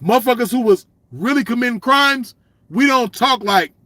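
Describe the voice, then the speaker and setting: A man's voice: very high-pitched, animated, moderate pace, bright, forceful tone, no room sound. A man in a blunt, profane solo rant, swaggering and repeating himself. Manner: blunt, swaggering, profane, repeats "you know what I mean". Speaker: commentator. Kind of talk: ranting solo monologue.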